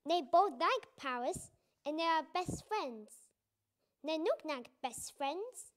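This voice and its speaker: High, slow-reading woman teacher. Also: animated. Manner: slow and deliberate, repeating sentences for learners. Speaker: storybook reader and English teacher. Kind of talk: reading a picture book aloud with explanations.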